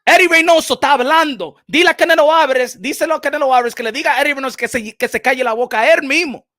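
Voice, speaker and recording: A very high-voiced man runs a boxing commentary stream, talking with bright, forceful energy. He hops between English and Spanish and hammers his points home by repeating them. The sound is dry and close. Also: racing, no room sound. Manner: repeats phrases for emphasis. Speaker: boxing channel host. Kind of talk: livestream commentary.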